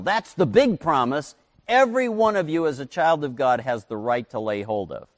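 Animated preacher, long hall echo. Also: male voice. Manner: animated preaching, swinging pitch and volume, acted quotes. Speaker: pastor. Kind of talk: sermon.

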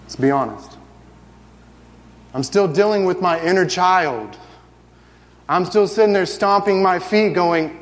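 A man in his thirties preaching a sermon, telling stories with lively acted-out voices. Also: sits high, measured pace, long pauses, long reverb tail. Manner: animated storytelling, acts out family scenes.

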